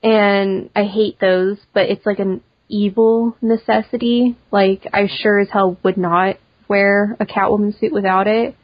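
A woman's voice: medium pitch, little pitch movement, a little slow, hardly any pauses, dry recording, highs cut off. A young woman guest chatting casually, full of "like" and swearing. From Polish family, grew up in America. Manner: chatty, swears freely, lots of "like". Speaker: podcast guest, cosplayer. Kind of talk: casual chat.

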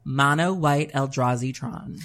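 Low-voiced woman telling animated stories. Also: measured pace. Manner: animated storyteller, big pitch jumps when exasperated. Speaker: podcast co-host. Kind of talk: casual podcast chat.

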